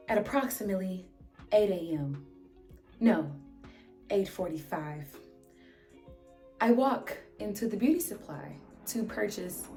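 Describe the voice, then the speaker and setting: A young woman telling a storytime vlog as an animated, sarcastic, heavily profane rant. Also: mid-range voice. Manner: exasperated, sarcastic. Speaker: vlogger.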